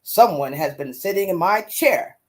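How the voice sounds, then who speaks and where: A woman reading a storybook aloud and voicing a big, gruff father bear. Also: lowish voice, expressive, normal speed, close to an everyday voice.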